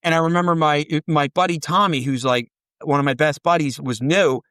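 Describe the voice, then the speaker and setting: A man's voice: on the high side, fairly quick, clear, resonant tone, dry recording. A man in his forties, a podcast guest, telling rambling, profane stories in a casual chat and acting out the dialogue. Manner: rambling, profane, animated storytelling with quoted dialogue.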